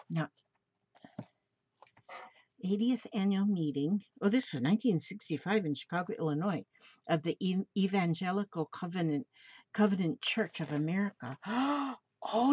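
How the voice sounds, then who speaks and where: A woman's voice: on the low side, expressive, moderate pace, warm tone, breathy edge. A woman on a crafting channel, gushing and exclaiming as she shows off gifts she received in the mail. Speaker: crafting vlogger. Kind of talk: casual show-and-tell of a mail package. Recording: slightly dull home recording with faint noise.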